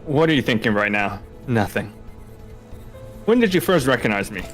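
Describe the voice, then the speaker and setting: A man streaming a game, reading its dialogue aloud with animated, dramatic delivery. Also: medium pitch, normal speed, faint music behind.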